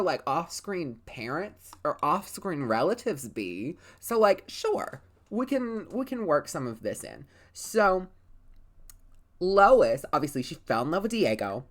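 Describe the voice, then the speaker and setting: A woman giving casual, rambling gameplay commentary, cursing freely and filling her talk with "like" and "you know". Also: sits low. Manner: chatty, profane, rambling storytelling with many fillers. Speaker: let's play host.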